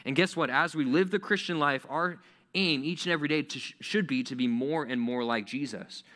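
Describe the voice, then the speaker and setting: Bright-voiced man preaching casually. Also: fairly high pitch, brisk. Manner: casual, conversational preaching with rhetorical questions. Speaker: pastor. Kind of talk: sermon.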